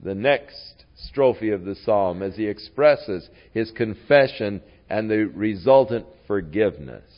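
A man preaching a sermon in a slow, deliberate way, his voice rising and falling widely in pitch and loudness. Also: expressive, highs cut off.

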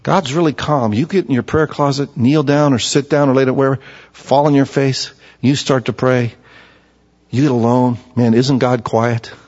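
A man's voice: medium pitch, normal speed. Man preaching a sermon in an echoing hall. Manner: animated, acts out quoted voices, then drops to soft calm tones. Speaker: pastor. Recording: echoey hall, dull lo-fi sound.

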